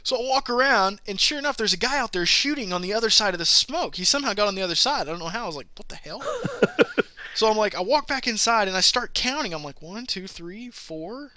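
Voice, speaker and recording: A man hosting a live gaming show, chatting casually and telling a rambling story with animated quoted voices. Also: high-pitched, quick pace, dry recording. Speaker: podcast host.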